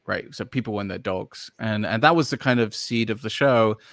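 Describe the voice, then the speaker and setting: A man's voice: fairly low pitch, normal speed, fairly bright tone, no echo. A man guesting on a podcast, talking casually and at length, full of fillers and restarts as he searches for words. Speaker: podcast guest, dog trainer. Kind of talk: casual interview chat.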